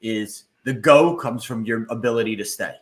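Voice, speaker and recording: Relaxed man hosting a casual interview. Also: mid-range voice, normal speed. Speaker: podcast host.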